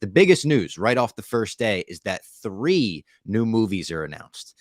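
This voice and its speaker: A man's voice: on the low side, sing-song, measured pace, no echo, clean studio sound. A man hosting a podcast in casual chat, upbeat and leading into each segment. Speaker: podcast host.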